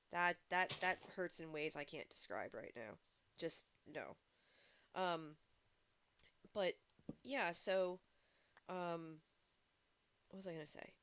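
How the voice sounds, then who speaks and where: A woman's voice: fairly low pitch, creaky, a bit bright. Chatty woman streamer. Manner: rambling, chatty, many fillers and restarts; talks to chat viewers. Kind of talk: casual live-stream chat while playing.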